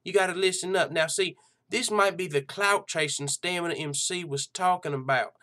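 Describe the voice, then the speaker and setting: A man's voice: moderate pace, pushed and bright. A man doing a brash, teasing hillbilly show host with an exaggerated country drawl. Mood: sassy ranting. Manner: high, brash, teasing, calls people honey and sweetie. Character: loud sassy hillbilly man hosting a fight show. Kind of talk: comic impression.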